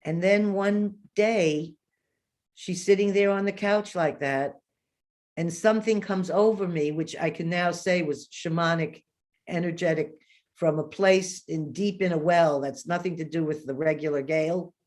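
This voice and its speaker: As an interview guest, a woman in her fifties tells a long personal story with animation, performing the voices of the people she quotes. She speaks at a measured pace in a lowish voice.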